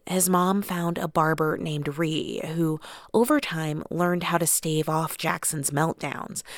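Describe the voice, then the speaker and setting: A woman hosting a news radio show, reading a scripted introduction in an even, clear way. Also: fairly low pitch, no room sound. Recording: dry studio, faint music.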